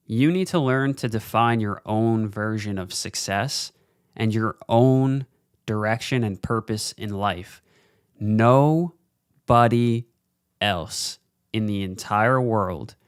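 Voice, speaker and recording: Podcast guy giving a motivational rant, casual and blunt, swears a lot, smooth voice, dry close mic. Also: fairly low pitch, no room sound. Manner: slows down for emphasis. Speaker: podcast host. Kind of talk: motivational monologue. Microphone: studio mic, facing camera.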